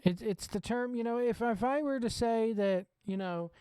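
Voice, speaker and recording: Hosting a wrestling watch-along, a man from the Southern United States offers blunt, profane, opinionated commentary at a normal speed. His very high-pitched voice is mellow, clear and resonant, with no echo.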